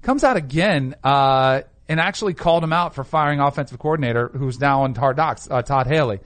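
A man's voice: medium pitch, a little fast. A man hosting sports talk radio, casual and opinionated. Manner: chatty, opinionated.

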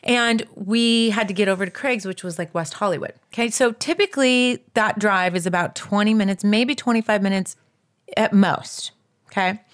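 A woman's voice: mid-range voice, moderate pace. A woman co-hosting a casual chat, telling a story animatedly, full of "like" and addressing listeners as "you guys". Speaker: podcast co-host.

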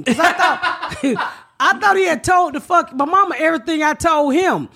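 A woman's voice: sits high, fairly quick, husky. A woman comedian hosting a casual chat, telling profane stories and acting out the quotes. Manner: profane, animated storyteller who acts out quotes. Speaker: comedian host.

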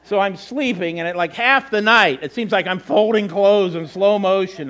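A man's voice: high voice, normal speed, few pauses, a bit bright, muffled recording. A middle-aged male pastor preaching a sermon in a conversational way, with self-deprecating asides and frequent repetitions.

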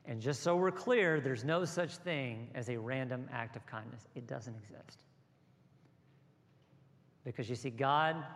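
A pastor delivering a sermon, shifting between soft, low asides and raised, rhythmic exhortation. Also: male voice. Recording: long hall reverb with soft music behind.

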